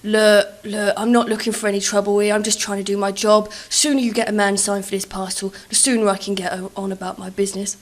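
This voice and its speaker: A woman voicing her brother as a brash young delivery man, mock-polite and loud as he pushes his luck. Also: sits high, flat delivery, fast talker, hardly any pauses, natural voice. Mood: cheeky.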